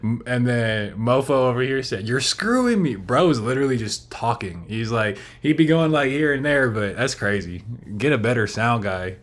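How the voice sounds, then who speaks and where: Male streamer, casual profane reaction talk, mid-pitched, joking. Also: normal speed, few pauses. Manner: slangy, profane, laughs at own jokes.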